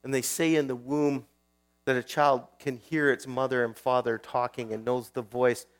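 A man's voice: mid-range voice, level tone, normal speed, clean tone. A male pastor preaching a sermon in a conversational way, often putting questions to his listeners.

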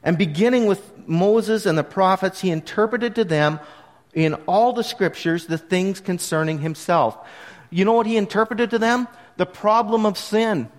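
A man preaching a sermon, retelling scripture in an animated way that swings from hushed to emphatic. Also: sits high, normal speed, big-room sound. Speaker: pastor.

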